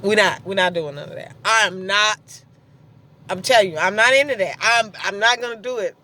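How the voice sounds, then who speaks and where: A woman's voice: mid-range voice, moderate pace, sharp tone. A woman in her thirties telling a story in a blunt, sassy way, laughing as she vents, recorded in a car. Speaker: vlogger. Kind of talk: venting storytime monologue.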